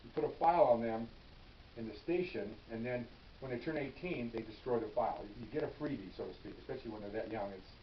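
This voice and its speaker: An older man, a veteran police officer, telling his stories in a casual, animated way, often restarting phrases and checking in with "okay?". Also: mid-range voice, fast. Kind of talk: casual storytelling. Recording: echoey room, distant mic, dull and hissy.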